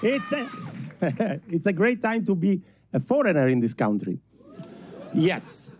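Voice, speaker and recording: A man from Italy with a strong Italian accent, performing an animated, self-mocking stand-up comedy set on stage before a live audience. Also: high-pitched, a little slow, a little hiss or hum.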